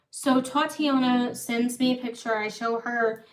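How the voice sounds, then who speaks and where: Slow, rambling woman in an echoey room. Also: fairly high pitch, fairly even intonation. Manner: rambling, repeats herself. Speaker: livestream host. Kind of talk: casual storytelling. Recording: echoey room, far from the mic.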